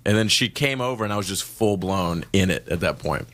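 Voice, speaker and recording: A man with a fairly low voice, speaking in relaxed podcast banter. He tells a personal story plainly and without fuss. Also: a little fast, dry recording.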